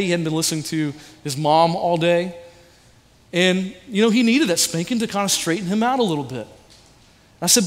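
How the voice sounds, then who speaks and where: A high-voiced man preaches with passion in a church auditorium. He asks his listeners questions and answers them himself. Long reverb from the hall trails after each phrase. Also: fairly quick. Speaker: pastor. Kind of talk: sermon.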